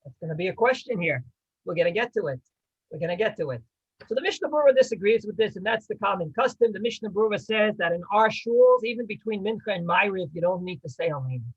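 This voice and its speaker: A man teaches a class with a husky edge to his voice. His pitch swings widely as he quizzes and teases the people listening. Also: animated, fast, lo-fi sound. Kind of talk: lively spoken class.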